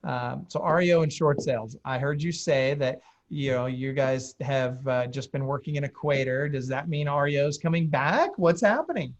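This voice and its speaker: A man's voice: mid-range voice, normal speed, hardly any pauses, dull audio. A man hosting a casual interview, engaged and asking his guest follow-up questions. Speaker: podcast host.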